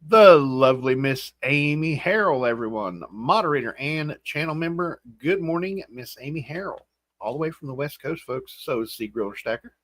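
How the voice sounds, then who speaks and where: A man's voice: on the high side, lively intonation, normal speed, fairly bright tone, no echo. A man with a West Virginian accent hosting a casual livestream, greeting viewers by name with a groggy morning voice. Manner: folksy, reads out and greets chat names. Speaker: livestream host. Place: home room.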